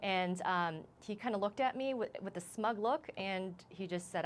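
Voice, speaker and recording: A woman from the United States, a news correspondent, speaking as a guest in a live news interview, shaken and halting, with many restarts. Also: mid-range voice, a little hiss or hum. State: shaken, voice unsteady.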